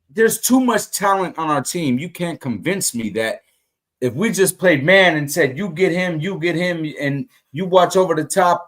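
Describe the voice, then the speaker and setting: A man co-hosting a casual sports talk podcast, ranting heatedly and repeating himself with many restarts. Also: fairly high pitch. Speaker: podcast co-host.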